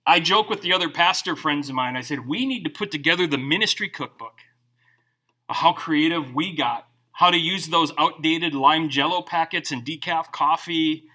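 A man's voice: fairly high pitch, moderate pace. A middle-aged male pastor preaching a sermon, joking and acting out quotes as he tells stories. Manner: animated, joking storyteller who acts out quotes.

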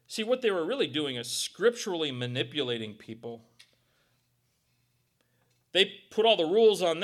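A male pastor gives a loose, conversational sermon, his voice sitting high and leaping around in pitch. He jokes, acts out quotes and makes little sound effects. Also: fairly bright tone.

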